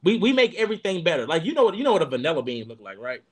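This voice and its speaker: Animated, profane man riffing on a podcast. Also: fairly high pitch, rapid-fire. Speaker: podcast panelist. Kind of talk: casual chat.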